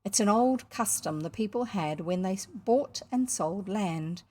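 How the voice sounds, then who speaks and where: A woman reading aloud and voicing Puck, a mischievous ancient male hill sprite, with a lively, breathy, teasing manner. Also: medium pitch, unhurried. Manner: lively, teasing, sing-song when chanting. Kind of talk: storybook reading.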